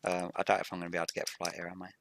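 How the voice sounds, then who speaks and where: A man hosting a game Let's Play with a rough morning voice, explaining each step methodically as he plays. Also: low voice, monotone, racing, fairly bright tone, a little hiss or hum. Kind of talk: gameplay commentary.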